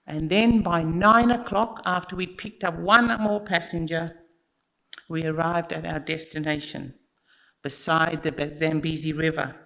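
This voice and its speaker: Church story time, slow-paced, gravelly, bright tone, expressive, talks straight to listeners. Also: medium pitch, poor audio. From Australia. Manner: unhurried and expressive, addressing listeners directly. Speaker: children's story teller at church. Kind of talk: told story in a church service.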